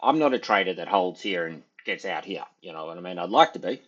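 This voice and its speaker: Deep husky man, rambling trader talk. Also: animated, fast talker, fairly bright tone, dull audio. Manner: rambling, full of fillers and hedges. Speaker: trader giving market commentary. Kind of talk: casual market analysis over charts.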